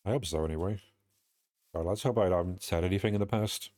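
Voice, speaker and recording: British man, young, deep voice, rambling, self-mocking, casual streaming chat. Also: fast, a little mellow, no room sound.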